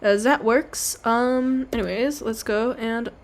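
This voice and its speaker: A young woman with a slightly high voice talks at a slow pace as she draws on stream. She rambles casually, apologizes, runs herself down and sometimes goes into silly voices.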